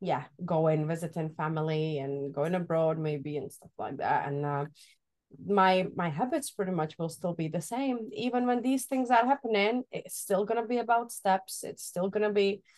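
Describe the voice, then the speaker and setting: A woman's voice: lowish voice, normal speed, a little mellow. A woman co-hosting a fitness podcast, chatty and teasing, who laughs easily. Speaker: fitness coach and co-host. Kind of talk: casual podcast chat.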